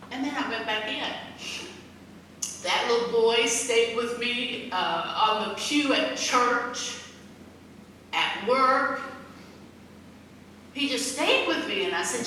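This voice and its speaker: Slow, bright-voiced woman telling a story in a hall. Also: fairly high pitch, lively intonation, a little hiss or hum. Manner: heartfelt, folksy, acts out quoted voices. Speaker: guest speaker. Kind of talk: storytelling speech. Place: large meeting hall. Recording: echoey hall from far off.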